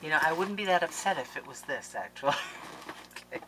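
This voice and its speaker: A woman hosting a crafting channel, chatting casually to viewers in a gushing, excitable way as she opens mail at home. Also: deep voice, fast. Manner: excitable and gushing, with gasps and laughs. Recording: noisy background with clicks.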